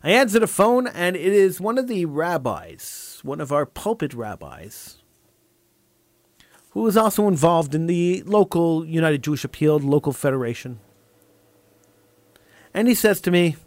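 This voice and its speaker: Emphatic, high-pitched radio host man. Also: very animated, measured pace, long pauses, no room sound. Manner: emphatic, repeats lines for effect. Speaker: radio talk show host. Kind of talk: impassioned radio monologue.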